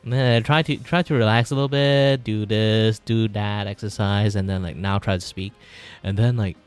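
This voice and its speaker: A man's voice: lowish voice, fairly even intonation, normal speed, clean tone, soft background music. A man from Malaysia with a Malaysian English accent, chatting casually on his livestream in a rambling, filler-heavy way. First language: Mandarin. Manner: rambling, filler-heavy, shifts voice register to demonstrate. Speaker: vtuber streamer. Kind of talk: casual livestream chat while drawing.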